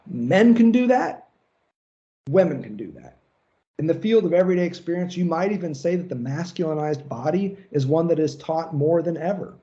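A man with a fairly high-pitched, dark-toned voice, its highs cut off, delivers a casual seminar lecture on psychoanalysis. He's loose and swears freely, slipping into acted-out mocking rants to make his points.

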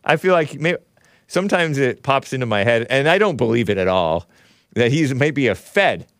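A man's voice: medium pitch, sing-song, normal speed, fairly bright tone, no room sound, studio quality. A man hosting a live call-in stream, reading viewer messages in casual talk, often laughing, sighing and groaning in disgust. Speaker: show host reading super chats.

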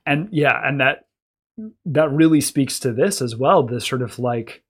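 Man, podcast host, casual chat, filler-heavy, mid pitch. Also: a little slow, breathy edge. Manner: relaxed, many fillers and restarts.

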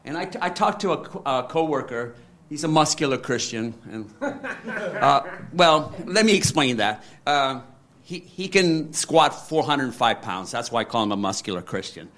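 A man's voice: medium pitch, expressive, normal speed, fairly bright tone. Rambling man with lots of fillers. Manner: rambling, many fillers and restarts; acts out quoted dialogue. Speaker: interviewee. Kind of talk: candid conversation.

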